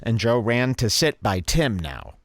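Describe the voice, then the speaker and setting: Animated man mocking clips, dry sound. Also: mid-range voice, measured pace, no room sound. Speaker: podcast host. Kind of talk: commentary over clips.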